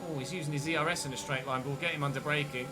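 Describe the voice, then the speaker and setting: A man streaming a racing game, commentating his race excitedly and joking with his viewers. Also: fairly high pitch, rapid-fire, noisy background. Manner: excitable, jokey, talks to viewers. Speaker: gaming streamer.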